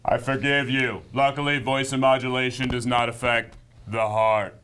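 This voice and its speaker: A teenage male student news anchor doing scripted comedy banter, loud and theatrically indignant. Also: mid-range voice, steady tone, moderate pace, slight background noise.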